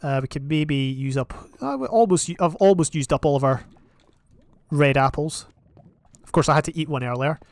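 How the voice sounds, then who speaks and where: A young man giving casual, rambling commentary on his own gameplay, with sudden excited outbursts. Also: on the high side, moderate pace, no echo. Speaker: gaming channel host.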